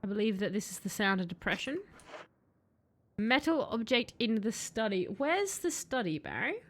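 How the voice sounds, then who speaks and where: A woman streaming a horror game, chatting playfully with her chat and breaking into excited shouts. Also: mid-range voice, normal speed. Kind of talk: live game commentary. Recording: faint background noise.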